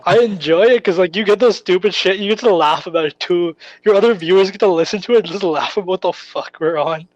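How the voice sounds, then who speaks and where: A man's voice: high-pitched, quick pace, few pauses, no echo, dull audio. A young man from Canada co-hosting a podcast, chatting casually and telling a rambling, swear-filled story. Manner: rambling, swears often, laughs through stories. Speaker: podcast co-host.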